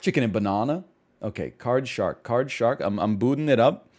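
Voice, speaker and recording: A man's voice: mid-range voice, moderate pace. A man streaming a casual chat, ranting in disbelief with frequent laughs. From Canada. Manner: incredulous, animated ranting with laughs.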